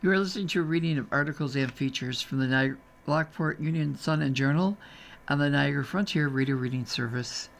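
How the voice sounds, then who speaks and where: A man's voice: a little high, brisk, vocal fry, a bit bright, slight background noise. A man reading newspaper articles aloud for a radio reading service, adding chatty asides as he goes. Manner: chatty, adds casual asides while reading. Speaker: volunteer reader.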